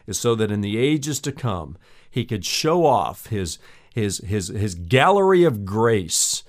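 A man's voice: on the low side, sing-song, takes it slowly. Earnest male pastor preaching a sermon. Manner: earnest, addresses listener as friend.

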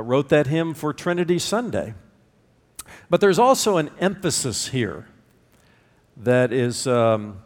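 A man preaching a sermon, emphatic, repeating words for stress and pausing between phrases. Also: fairly high pitch, long reverb tail. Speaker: pastor.

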